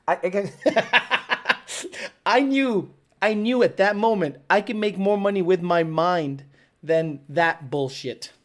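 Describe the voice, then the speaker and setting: A woman's voice: lowish voice, slow, long pauses. A woman hosting a live show, telling stories in a casual, profane, laughing way. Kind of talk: casual storytelling.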